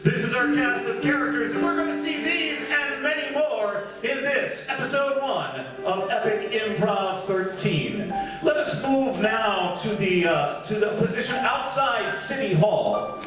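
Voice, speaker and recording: High-voiced improv show host. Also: male voice, lively intonation, unhurried, music in the background. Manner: upbeat announcer, sets scenes. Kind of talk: live improv comedy. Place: live stage. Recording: echoey stage from far off.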